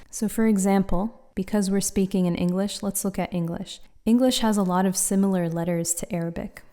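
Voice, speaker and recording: A woman with a mellow, fairly low voice explains pronunciation in a clear, patient teaching manner. She demonstrates sounds aloud as she goes. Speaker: Quran recitation teacher. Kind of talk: instructional explainer.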